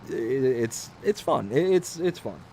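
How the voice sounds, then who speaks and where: A man's voice: medium pitch, sing-song, measured pace, dark tone, a little hiss or hum. Rambling man chatting on a livestream. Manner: rambling storyteller, reads viewer comments aloud. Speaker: livestream host. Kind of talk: casual livestream chat.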